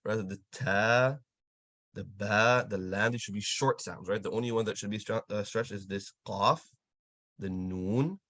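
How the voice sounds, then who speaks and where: A man teaching Quran recitation over a video call, patiently correcting students and slowly demonstrating sounds. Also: lowish voice, a bit bright, dry recording. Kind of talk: online tajweed lesson, giving corrections.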